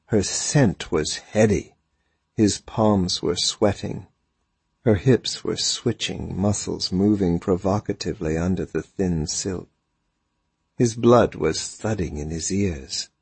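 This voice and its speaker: A man reading a story aloud as narrator, measured and even. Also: on the low side, creaky, husky, no room sound. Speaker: audiobook narrator. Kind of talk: scripted narration.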